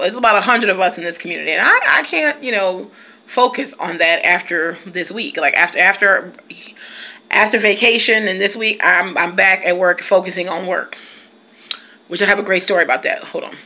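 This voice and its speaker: A woman chats loosely to her viewers from her home computer. Her voice is bright and forward, and her talk is playful, full of laughs and stray snatches of song. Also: mid-range voice, normal speed. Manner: chatty and playful, laughs often, drops into song. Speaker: teacher and video blogger. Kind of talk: casual chat to camera.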